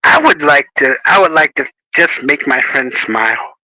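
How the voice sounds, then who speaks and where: A man chatting casually as host, telling animated stories and laughing often. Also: fairly high pitch, moderate pace, no room sound, poor audio. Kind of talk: casual chat.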